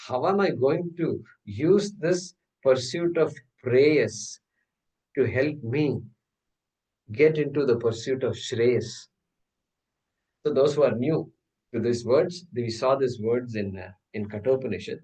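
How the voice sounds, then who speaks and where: Picked up from afar on a poor-quality recording, a man with a medium-pitched, mellow voice speaks slowly. He is a Vedanta teacher giving a scripture class in a class hall, walking through ideas step by step, asking rhetorical questions, and chanting Sanskrit terms.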